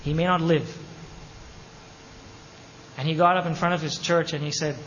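A man preaching a sermon as pastor of his church, impassioned, with sudden loud peaks and hushed drops. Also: on the high side, fairly even intonation, normal speed, dull audio, a little hiss or hum. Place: church sanctuary. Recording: long hall reverb, faint ambience.

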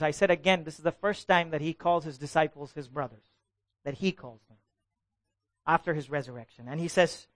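Animated preacher. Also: male voice, fairly high pitch, fairly quick, no echo, studio quality. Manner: animated, asks the congregation questions and calls for answers. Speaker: pastor. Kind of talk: sermon.

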